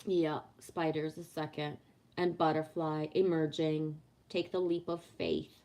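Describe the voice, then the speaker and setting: A woman's voice: low-pitched, a little slow. Blunt, swearing woman. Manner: blunt, swears freely, animated rants. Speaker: livestream host reading oracle cards. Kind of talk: casual live chat with viewers.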